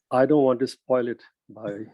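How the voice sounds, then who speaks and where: A man's voice: medium pitch, slow pace, mellow, dry recording, poor audio. A man with a New York accent giving modest, chuckling remarks as a guest on a video call. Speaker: guest banker.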